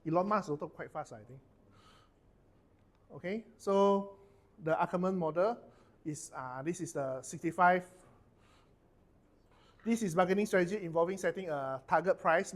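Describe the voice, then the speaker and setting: Here a middle-aged man with a Malaysian English accent, his voice on the high side, guides a corporate training workshop. He keeps things casual and talkative, finishing lines with lah and lor.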